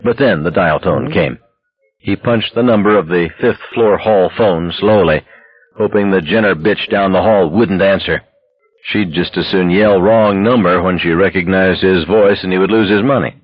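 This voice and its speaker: A man narrating a novel as an audiobook in a steady, measured way. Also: low-pitched, slightly rough, no room sound. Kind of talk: scripted narration. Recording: dull lo-fi dry recording.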